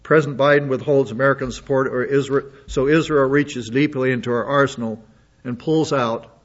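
A man's voice: mid-range voice, fairly even intonation, brisk. A man reading news articles aloud and adding his own comments and asides. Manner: reads aloud with asides and restarts. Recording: dull lo-fi audio.

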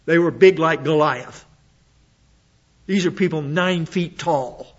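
A man's voice: a little high, takes it slowly, highs cut off. A man preaching an expository sermon, reading scripture aloud and commenting on it with blunt sarcasm.

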